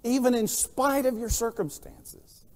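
High-voiced preacher man in a reverberant hall. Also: fairly even intonation, measured pace. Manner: storytelling preacher, swings from quiet to loud. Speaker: pastor. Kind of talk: sermon.

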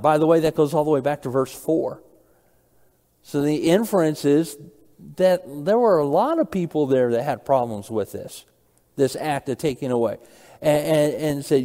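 A man's voice: on the high side, lively intonation, normal speed, dark tone, long reverb tail. A man preaching an expository sermon, walking through scripture and asking the listeners rhetorical questions. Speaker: pastor.

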